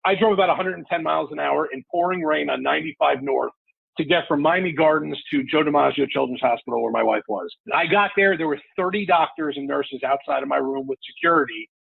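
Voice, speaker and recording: A man around forty tells a personal story with candid, emotional storytelling and the odd curse. His voice is gravelly and husky, sitting a little high for a man. It comes through a dry, tinny, phone-like remote line. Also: fast talker, dry recording. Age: 40s. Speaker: sports radio host, podcast guest. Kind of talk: casual podcast storytelling. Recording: phone-like, lo-fi call audio.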